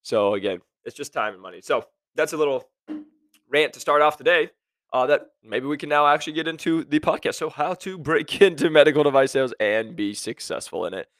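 A man's voice: fairly high pitch, fairly quick, a bit bright, no echo. A man hosting a podcast, talking in a blunt, sarcastic rant to his listeners. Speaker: podcast host. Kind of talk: casual monologue.

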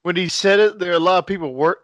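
A man's voice: high voice, quick pace, a bit bright, no echo. A man co-hosting a podcast, laid-back and casual with brief replies. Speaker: podcast co-host. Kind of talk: casual chat. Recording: dull dry lo-fi sound.

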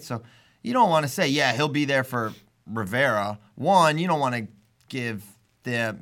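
This is a man hosting a casual talk show, his voice moving lively up and down as he talks. He sits at a mid pitch, gets animated and laughs often. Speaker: podcast host. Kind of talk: casual chat.

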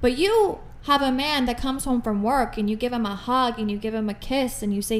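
Chatty, animated woman podcast co-host. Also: fairly high pitch, a little fast, few pauses. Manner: animated, chatty, many fillers like "like" and "you know". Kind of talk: casual podcast chat.

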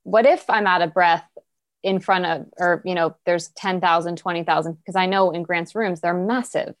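A woman's voice: lowish voice, fairly even intonation, normal speed. A woman guest speaking as an author and coach in a casual podcast conversation, with an encouraging, coaching tone.

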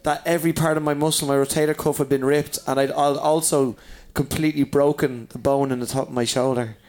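An Irish man, a comedian guest, telling a story in casual chat, animated and swearing as he laughs through it. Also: a little high, fairly quick. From Ireland.

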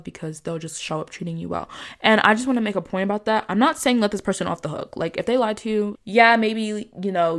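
Young female podcast host, calm, low-pitched for a woman, chatty and earnest. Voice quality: calm soft-spoken voice. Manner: chatty, filler-heavy, earnest advice-giving. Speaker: podcast host, manifestation coach. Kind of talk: casual solo podcast monologue.

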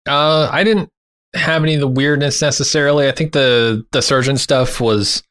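A man's voice: mid-range voice, moderate pace, fairly bright tone, smooth. A man co-hosting a podcast, casually summarizing plot points in a plain, blunt way. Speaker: podcast co-host. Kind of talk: casual TV recap chat.

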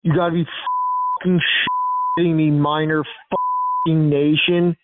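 A man's voice: fairly high pitch, huge pitch swings, unhurried, heavy background noise. A man leaving a furious, swearing voicemail while watching a game he bet on. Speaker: voicemail caller. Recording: tinny phone voicemail.

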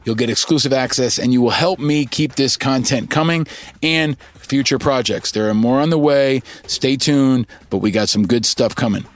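A middle-aged man hosts his podcast with upbeat energy, leaning into his words and repeating them for emphasis. His voice sits at an ordinary middle pitch. He sounds like he is chatting casually through listener thank-yous. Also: normal speed. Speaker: podcast host. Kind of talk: casual podcast shout-outs.

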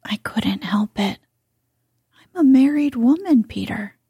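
A woman voicing a gentle, wistful grown woman, in a soft, hushed bedtime-story reading. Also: a little high, animated, slow pace, slightly rough, no room sound, clean studio sound, exaggerated voice.

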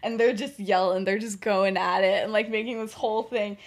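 A woman's voice: medium pitch, steady tone, normal speed. A woman co-hosting a podcast, telling a story in casual chat with lots of fillers and frequent giggles. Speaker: podcast co-host.

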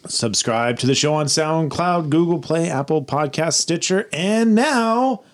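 A man's voice: on the high side, expressive, a little slow. A man co-hosting a casual podcast, teasing his friends and reading out the show plugs. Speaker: podcast co-host. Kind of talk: casual banter. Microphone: studio mic.

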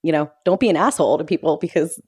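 A woman host with a low voice keeps the conversation loose and lively. She talks fast when excited and drops curse words without a second thought. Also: husky. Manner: chatty, animated, swears casually. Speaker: podcast host. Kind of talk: casual podcast conversation.

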